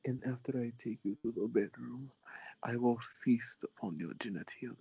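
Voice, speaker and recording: A man doing a hushed mock-seductive whisperer, whispered role-play. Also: medium pitch, gravelly, breathy edge, full character voice, rough recording. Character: hero crooning a mock seduction.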